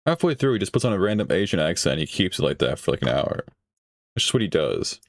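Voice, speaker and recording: Low-voiced man streaming reactions. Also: sing-song, fast, no room sound. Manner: laughing, swearing, offhand. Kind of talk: casual reaction commentary.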